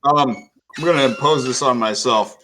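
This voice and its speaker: A man of ordinary pitch describes his character's actions at the game table. He builds the picture step by step in a deliberate way, and a faint noise runs underneath. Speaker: player.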